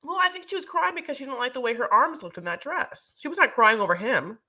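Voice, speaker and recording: A woman co-hosting a podcast, recapping a reality show in casual chat as an animated, rambling storyteller. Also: high voice, fast. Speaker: podcast co-host.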